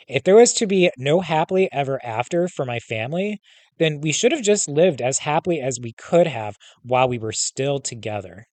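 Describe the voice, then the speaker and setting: A male teacher reads a memoir aloud in the first person, plain and steady, and now and then drops in a quick casual aside. His voice sits at a middle pitch. The sound is dry and close. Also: dry recording. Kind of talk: reading a book aloud.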